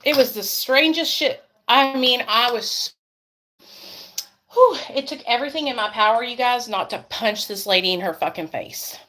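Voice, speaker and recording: A woman vlogger and mother, chatting casually and telling a story with lots of swearing. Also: on the high side. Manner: chatty, profane, animated storytelling.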